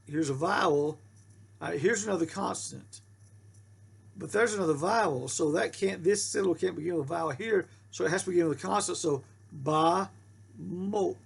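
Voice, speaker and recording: A man's voice: on the high side, creaky, breathy edge. A man teaching a Hebrew lesson, patiently repeating rules and sounding out syllables. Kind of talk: slow classroom-style lesson.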